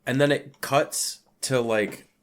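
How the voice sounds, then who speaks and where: A man's voice: mid-range voice, steady tone, slow pace. A man co-hosting a podcast, casually retelling a horror film with lots of fillers and acted-out quotes. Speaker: podcast co-host. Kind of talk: casual movie recap chat.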